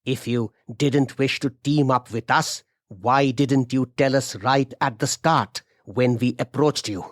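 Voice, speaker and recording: A man's voice: medium pitch, a little slow, dry recording, studio quality, close to an everyday voice. A man voicing an angry businessman who issues cold threats. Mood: menacing. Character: menacing, vengeful male businessman.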